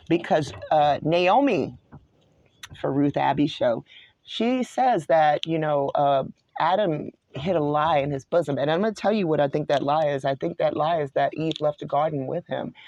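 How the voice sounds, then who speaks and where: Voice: medium pitch, a little mellow. A host in their forties from New York, talking alone through a scripture study in a rambling, digressive way and correcting themselves as they go. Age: 40s. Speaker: online show host. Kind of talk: solo scripture study talk.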